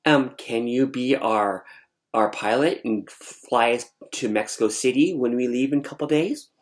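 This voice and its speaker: A man voicing a chatty, matter-of-fact male choir director who draws out his questions and sometimes drops to a hush. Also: medium pitch, moderate pace, close to an everyday voice. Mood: explaining.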